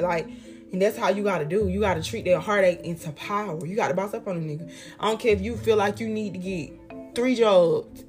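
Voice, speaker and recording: Young woman vlogging life advice, real heartfelt, swears a lot, says stuff twice to hammer it in, quiet music behind. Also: mid-range voice. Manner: heartfelt and emphatic, repeats phrases for effect; slangy and profane. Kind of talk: casual motivational monologue.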